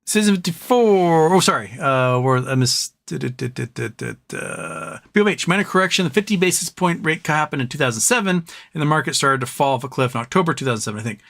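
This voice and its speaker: A man's voice: a little high, expressive, fast, hardly any pauses, a bit bright. A man in his forties hosting a casual live stream, answering viewer questions in a blunt, opinionated way, with lots of fillers and restarts. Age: 40s. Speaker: livestream host reading viewer questions.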